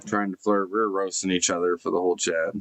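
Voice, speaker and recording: The speaker is a man with a deep, fairly bright voice who talks a little fast and keeps his delivery flat. Stuck in his broken-down van in a forest snow park, he live-streams via a computer camera setup, casually reading and answering comments. He rambles, stays laid-back, swears freely, and uses many fillers and restarts.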